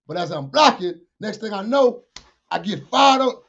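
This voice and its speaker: A man, a podcast guest telling a street story with profanity, acted-out dialogue and shouted sound effects. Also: high-pitched, lively intonation, normal speed, creaky. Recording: dull lo-fi podcast audio.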